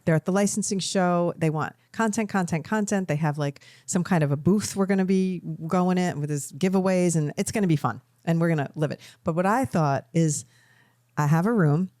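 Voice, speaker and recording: A woman's voice: on the low side, fairly quick, mellow, no echo, studio quality. A middle-aged woman co-hosting a podcast, chatting casually and telling emotional, rambling stories. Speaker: podcast co-host. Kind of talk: casual chat.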